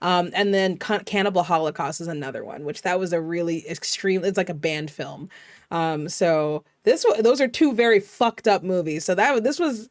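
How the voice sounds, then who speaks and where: A woman VTuber host in a casual vlog, recapping a horror film with profane, animated storytelling full of fillers. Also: on the low side, moderate pace, dry recording, studio quality.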